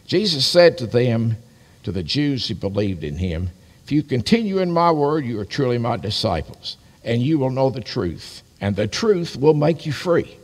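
Older male pastor, folksy sermon, lively pitch, husky, reverberant live-streamed church sound. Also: moderate pace. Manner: folksy, animated storytelling with asides. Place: church sanctuary.

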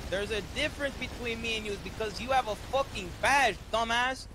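A man's voice: very high-pitched, moderate pace, noisy background. A man playing a foul-mouthed Hispanic mall cop. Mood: hostile. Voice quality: gruff, heavy swearing, broken English bursts. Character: hostile Hispanic male mall rent-a-cop. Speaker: mall security guard character. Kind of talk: GTA roleplay in character.

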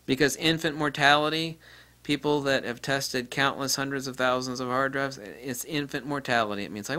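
A man giving an off-the-cuff repair tutorial, blunt and profane, ranting and mimicking people in high-pitched quotes. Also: fairly even intonation, normal speed, pushed and bright. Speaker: DIY repair presenter.

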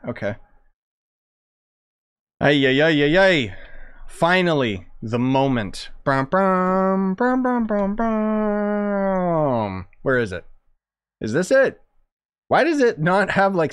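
A young man commenting casually while streaming a game, excitable and chatty, thinking aloud as he plays. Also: medium pitch. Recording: dry close sound with faint music.

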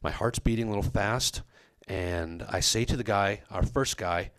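Self-mocking male comic storyteller. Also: moderate pace. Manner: animated, self-mocking, pitch leaps on quotes. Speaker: comedic storyteller.

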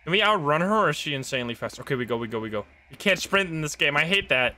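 A man streaming a horror game live, reacting jumpily with excitable, swearing commentary. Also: fairly high pitch, quick pace, few pauses.

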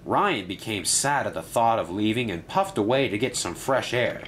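A man narrating a children's railway story in a steady, descriptive way. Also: on the low side, normal speed, a little hiss or hum.

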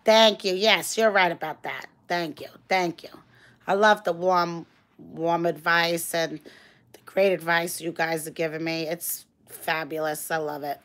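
Bright-voiced New York woman chatting. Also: lowish voice, steady tone, unhurried. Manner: gushing, reads viewer comments aloud. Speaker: livestream host. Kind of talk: casual livestream chat. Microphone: phone.

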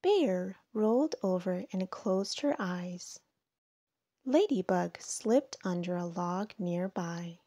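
A woman reading a children's storybook aloud, gentle and expressive. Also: on the low side, slow, no room sound, studio quality. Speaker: storybook reader.

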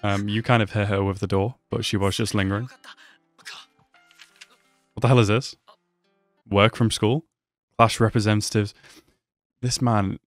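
A young man giving casual, excitable commentary as he reacts to an anime episode, talking back at the screen. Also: lowish voice, normal speed, pauses often, no echo, soft background music.

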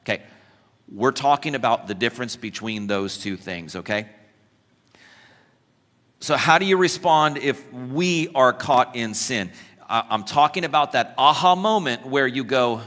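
A man with a medium-pitched, slightly bright voice and lively intonation preaches a little slowly as pastor in a church, captured with long hall reverb. He acts out quoted voices, makes humorous asides, and jokes with the congregation.

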